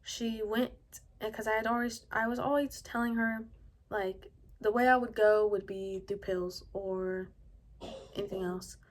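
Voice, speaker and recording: A woman telling a personal story in a casual vlog, soft-spoken and rambling, with lots of "like" and a hushed delivery. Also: mid-range voice, fairly even intonation, measured pace. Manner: often drops to a hushed, quiet delivery. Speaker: vlogger telling her own story.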